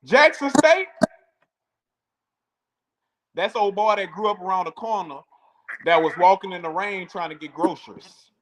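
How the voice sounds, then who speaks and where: Man, podcast co-host, fairly high voice, playful trash talk, repeats himself. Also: a little slow, pauses often, a bit bright, poor audio. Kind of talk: casual sports banter.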